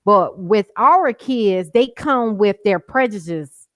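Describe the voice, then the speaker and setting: A woman's voice: mid-range voice, expressive, takes it slowly, a bit bright, no room sound. A middle-aged woman speaking as an interview guest, impassioned and insistent, repeating her points for emphasis and at times near tears. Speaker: guest, mother of a man killed by police. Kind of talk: interview over a call.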